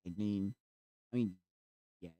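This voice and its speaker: A live streamer chatting casually while browsing at the computer, rambling and filling every pause with "like". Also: deep voice, mellow, dry recording. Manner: rambling, heavy use of "like".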